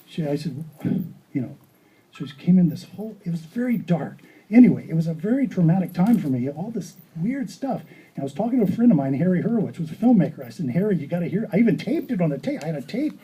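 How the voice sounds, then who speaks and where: A man giving an art talk, telling stories in a rambling, animated way and acting out dialogue. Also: high-pitched, quick pace, breathy edge, dull audio. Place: gallery or hall.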